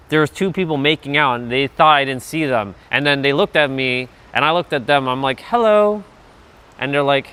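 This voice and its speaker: A man at an average pitch, out walking a trail in winter with his phone in hand. He chats loosely and swears freely as he tells stories to his livestream, laughing as he goes. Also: pushed and bright, clean tone. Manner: loose, profane, chatty, laughs often. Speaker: vlogger livestreaming a walk. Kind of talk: casual rambling storytelling.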